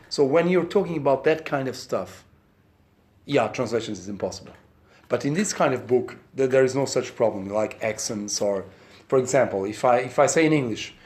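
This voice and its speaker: A middle-aged man with a Portuguese accent talks in English at a press conference, with a middle-pitched voice. He is chatty and explains himself through stories and examples. English is not his first language. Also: lively intonation, normal speed, a little mellow.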